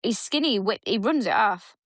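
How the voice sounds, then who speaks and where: A woman tells family stories at a quick clip, her voice sitting a little high. She slips into the lines of the people in her stories as she goes. The sound is close and dry, with no room around it. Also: dry recording. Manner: animated storytelling, acts out her son's lines. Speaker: podcast co-host. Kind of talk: casual chat.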